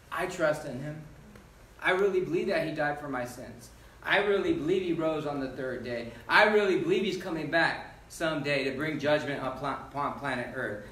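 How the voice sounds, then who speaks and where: A man's voice: a little high, fairly bright tone. A male pastor preaching a sermon, emphatic and calling out to the congregation for responses. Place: church sanctuary. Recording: echoey church from far off with faint noise.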